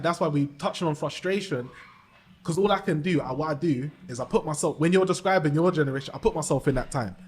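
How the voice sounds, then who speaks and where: A man, a rapper guest on a casual podcast, who keeps agreeing with "yeah, yeah, yeah". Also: a little high. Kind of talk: casual chat.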